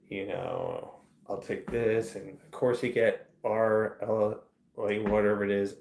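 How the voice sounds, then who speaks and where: A man hosting a casual livestream, answering chat in a rambling, soft-spoken way that trails off. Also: lowish voice, roomy sound. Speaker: livestream host. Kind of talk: casual live-stream chat, reading chat questions.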